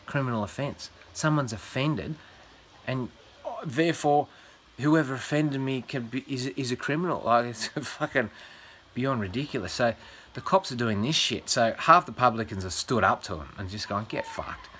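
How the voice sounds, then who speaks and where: A man's voice: medium pitch, moderate pace, pushed and bright, slight background noise. An Australian man telling a long, rambling story in casual vlog talk, swearing constantly and acting out the people he quotes. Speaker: comedian vlogger.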